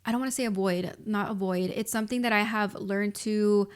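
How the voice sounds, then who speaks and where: A woman's voice: mid-range voice, steady tone, a little fast. A woman in her twenties hosting a motivational solo podcast, talking casually and emphatically with lots of filler words and direct address to listeners. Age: 20s. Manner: casual and emphatic, frequent "like" and "you guys". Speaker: podcast host.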